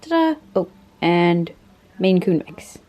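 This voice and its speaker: Chatty young woman with low voice. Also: lively intonation, moderate pace, fairly bright tone. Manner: chatty, filler-heavy, laughing often. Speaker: book vlogger. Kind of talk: casual reading vlog chat. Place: home, cooking lunch.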